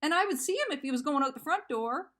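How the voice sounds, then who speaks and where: A woman's voice: sits high, lively intonation, quick pace, fairly bright tone. A woman in her fifties venting in a vlog, upset and telling a rambling, profane story. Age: 50s. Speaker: vlogger. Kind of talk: emotional personal venting.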